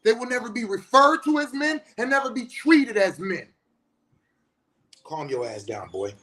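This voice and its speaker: A man's voice: extremely high pitch, big pitch swings, normal speed. Fired-up man with AAVE speech. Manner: passionate, blunt, heavy swearing, rising to shouts. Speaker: spiritual teacher and counselor. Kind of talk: impassioned profane monologue.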